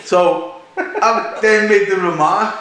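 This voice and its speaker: A man, hosting a podcast and telling a story in casual, animated chat, laughing as he goes. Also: high-pitched, slow. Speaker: podcast host. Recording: echoey room.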